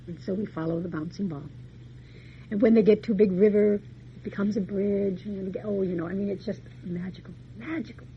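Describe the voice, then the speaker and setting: A woman's voice: mid-range voice, fairly even intonation, a little fast. A woman lecturer retelling a fairy tale in a chatty, folksy way with little asides. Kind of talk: storytelling lecture. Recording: dull muffled recording, faint hiss.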